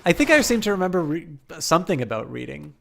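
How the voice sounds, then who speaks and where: Gravelly, bright-voiced male streamer. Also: fairly high pitch, very animated, fast, slight background noise. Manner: rambling, chatty, many fillers. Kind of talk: casual game stream chat.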